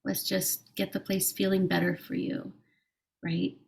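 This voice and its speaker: A woman guest on a podcast in casual conversation, speaking in a soft, gentle and reflective way. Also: mid-range voice, flat delivery, measured pace, gravelly. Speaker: podcast guest, intuitive reader.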